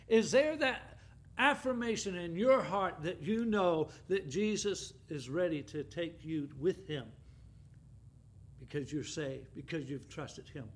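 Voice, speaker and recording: A man with a high voice preaches an emphatic sermon. He swings from loud, stressed scripture quotes to quiet, hushed appeals. He talks as a pastor addressing his congregation. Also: expressive, a little slow. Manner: emphatic preaching, rising and falling, drops to a hush for appeals.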